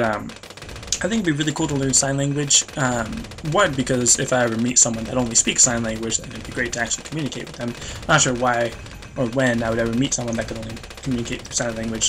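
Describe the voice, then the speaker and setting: A man's voice: medium pitch, background noise. A young American man rambling through casual gameplay commentary, self-deprecating and full of fillers and small laughs. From United States. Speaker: let's play host.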